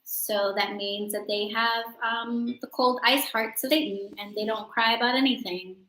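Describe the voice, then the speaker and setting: A woman in her thirties hosting a casual live stream, chatting and joking and quick to laugh at herself. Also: fairly high pitch, steady tone, bright, forceful tone. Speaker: host of a live witchcraft coaching stream. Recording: roomy echo.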